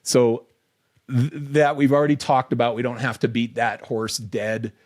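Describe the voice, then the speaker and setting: A man co-hosting a casual podcast. He reads quotes from a report aloud between easy back-and-forth, with a relaxed, conversational delivery at a middling pitch. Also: normal speed. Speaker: podcast co-host.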